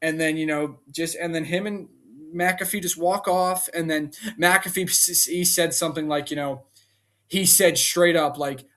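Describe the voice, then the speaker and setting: A wrestling show gets an exasperated review in a man's casual vlog, where he rants animatedly and fires rhetorical questions. He speaks at a normal speed in a fairly high pitch.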